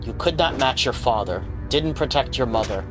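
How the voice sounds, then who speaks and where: A man's voice: medium pitch, expressive, moderate pace, lightly acted. A man voicing a cruel mask spirit that poses as a scornful father and talks in a sneering, contemptuous way. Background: game music.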